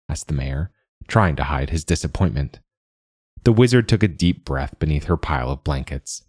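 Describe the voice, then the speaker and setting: A man narrating a storybook in a measured, wry way. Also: rumbling low, expressive, a little mellow, slightly rough, no echo, clean studio sound.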